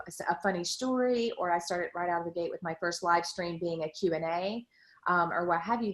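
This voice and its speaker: A woman's voice: lowish voice, fairly bright tone. A woman blogger talking casually on a live stream, chatty with lots of fillers. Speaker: guest blogger. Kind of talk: casual chat.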